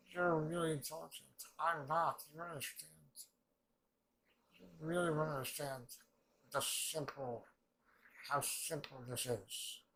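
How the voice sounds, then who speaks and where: Casual male anime reactor, gravelly tone, rambling and profane. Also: fairly high pitch, rough recording. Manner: rambling, excitable, swears a lot. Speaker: reaction channel host.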